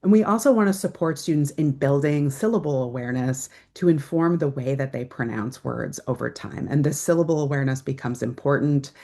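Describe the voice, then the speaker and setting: Low-voiced woman presenting a webinar. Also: fairly quick, hardly any pauses, dark tone. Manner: explanatory, with filler ums. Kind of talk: webinar lecture.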